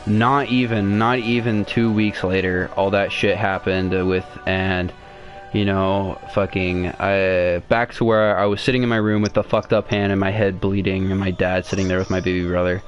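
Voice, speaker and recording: His voice is deep with little pitch movement, moving at a moderate pace while soft music plays underneath. The young podcast host rambles through a long personal tale, swearing, starting over and filling gaps with fillers in a casual storytelling style.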